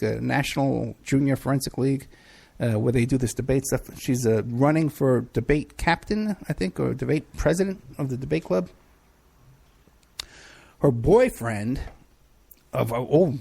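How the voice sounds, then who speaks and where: His mid-range voice is gravelly and dark. A middle-aged podcast host running a live show, he chats loosely and wanders through viewers' chat questions, dropping plenty of fillers.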